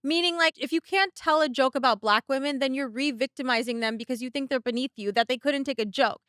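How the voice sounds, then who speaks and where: A woman's voice: high voice, fast talker, fairly bright tone, no room sound, studio quality. Blunt, profane woman storyteller. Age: 30s. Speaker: podcast co-host. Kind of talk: casual chat.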